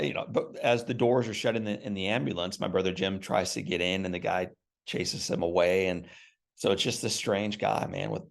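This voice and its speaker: A man's voice: deep voice, vocal fry. An earnest middle-aged man telling an emphatic personal story as a guest in an interview.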